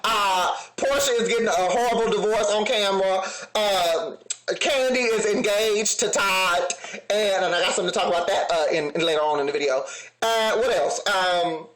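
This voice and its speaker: A man's voice: sits high, normal speed, a bit bright, roomy sound. A man giving a sassy, laughing commentary, talking straight to his viewers. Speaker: reality TV reviewer.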